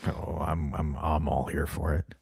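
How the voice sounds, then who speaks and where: Male co-host, very low and husky, blunt and lecturing. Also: flat delivery, unhurried, a little mellow, no echo, studio quality. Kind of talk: casual live-stream chat.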